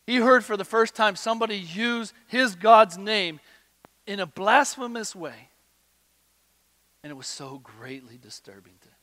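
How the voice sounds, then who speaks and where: Man, pastor, sermon, high-pitched, emphatic bursts and hushed asides, long hall reverb. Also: expressive, unhurried. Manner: swings between loud emphatic bursts and quiet low asides.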